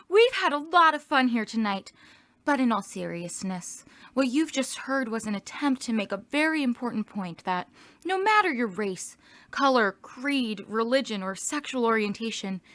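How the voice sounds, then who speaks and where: A woman's voice: fairly high pitch, sing-song, moderate pace, fairly bright tone, dry recording. A young woman presenting a mock-serious public-service message.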